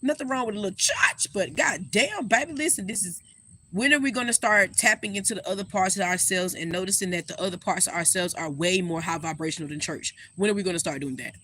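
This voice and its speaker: A woman giving a casual astrology reading. She talks straight to her viewers in a sassy, animated way and swears freely. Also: mid-range voice, quick pace. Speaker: astrologer and spiritual reader.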